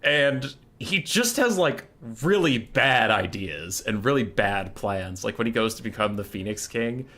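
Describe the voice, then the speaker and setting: Bright-voiced man ranting on a game stream. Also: on the low side, animated, measured pace, few pauses. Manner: rambling, laughing rants with swearing; reads chat aloud and answers it. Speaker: streamer hosting a strategy game tournament. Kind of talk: casual live-stream chat while playing.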